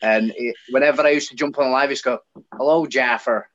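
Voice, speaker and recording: Bloke on a live stream call, chatty, bit muffled sound. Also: male voice, mid-range voice, fairly even intonation, fast, a bit bright. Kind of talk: casual chat on a call. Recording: slightly dull lo-fi call audio.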